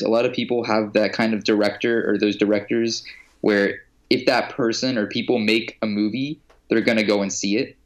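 Young guy hyped about his favorite movies, casual chat. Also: medium pitch. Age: young adult. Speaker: podcast co-host.

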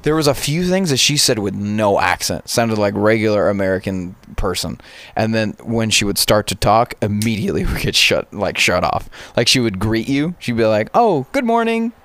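A man's voice: on the low side, lively intonation, moderate pace, few pauses, fairly bright tone, no echo. A man from Wyoming, co-hosting a casual chat, who tells stories with frequent laughs and restarts. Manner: laughs often, storytelling with restarts. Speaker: podcast co-host.

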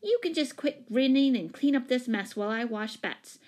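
A woman's voice: sits high, expressive, moderate pace, a little mellow, pitched above the performer's own voice. A woman reading a storybook, voicing a bossy older girl who scolds loftily and sharply. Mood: scolding.

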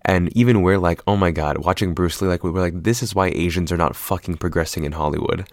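A man's voice: deep voice, dry recording. A young adult man talking casually about films in a loose, profane, rambling way. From half Filipino, US-based. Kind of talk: casual film commentary.

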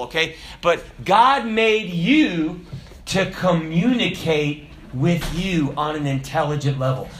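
A male preacher with a bright, forceful voice pitched a little high for a man. He tells stories in a chatty, animated way and keeps checking in with his listeners. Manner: conversational, animated storytelling with asides to listeners. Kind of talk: sermon.

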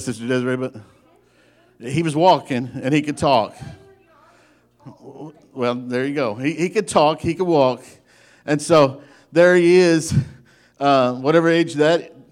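A man preaching a sermon, telling a folksy story in an animated way and often breaking off to restart his sentences. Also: a little high. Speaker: pastor.

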